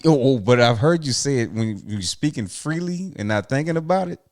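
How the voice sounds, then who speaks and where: A man co-hosting a podcast in casual chat, laid-back and playful, asking drawn-out questions. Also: mid-range voice, expressive, dry recording, clean studio sound. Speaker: podcast co-host.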